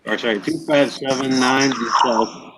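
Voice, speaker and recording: A man's voice: mid-range voice, fairly even intonation, normal speed, background noise. Man hosting a casual craft chat. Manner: explanatory, showing tools to the camera. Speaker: host of a scroll saw chat show.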